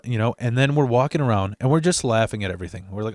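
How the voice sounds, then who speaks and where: A man's voice: lowish voice, fast, hardly any pauses, no echo, studio quality. A young man casually telling a personal story, swearing freely and acting out what others said. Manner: animated, profane, acts out quoted voices.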